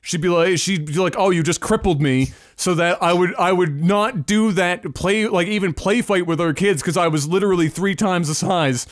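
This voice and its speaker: A man with a high voice tells a rambling story on a podcast, swearing freely and getting animated as he goes. The sound is dry and close, with no room around it. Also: normal speed, few pauses, dry recording. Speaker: podcast co-host. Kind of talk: casual storytelling chat.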